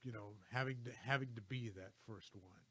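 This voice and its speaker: A man co-hosting a casual movie talk show, speaking in a measured, hesitant way. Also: fairly low pitch, fairly bright tone, slightly rough.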